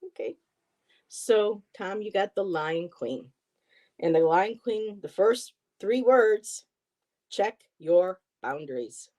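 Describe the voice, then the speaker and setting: A woman's voice: mid-range voice, animated, slow. A woman co-hosting a livestream, chatting with viewers and reading tarot cards aloud with casual asides. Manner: chatty, warm-hearted, reads card text aloud with asides. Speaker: tarot reader and livestream co-host.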